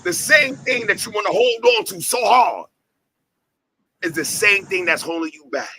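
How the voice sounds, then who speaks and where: A man's voice: high-pitched, very animated, normal speed, gravelly, noisy background. A man hosting his company's talk show, preaching in a profane, fired-up way and hammering points home with repeated lines and rhetorical questions. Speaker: host, head of an entertainment company.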